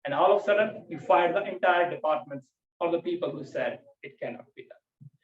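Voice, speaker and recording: A man giving a prepared club speech over a video call, emphatic, with dramatic swings between loud and soft. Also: a little high, brisk. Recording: distant, echoey, dull lo-fi call audio.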